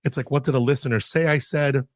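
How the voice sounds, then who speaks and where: A man hosting a casual podcast interview, chatty and animated as he tells stories with quoted dialogue. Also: mid-range voice, fast talker, no echo, studio quality. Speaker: podcast host.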